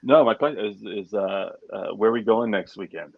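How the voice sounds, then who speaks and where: A man's voice: on the low side, normal speed, creaky, no echo. Jokey guy messing around in a group chat, dead dry mic, kinda muffled. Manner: joking, teasing, plays along with gags. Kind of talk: casual online chat.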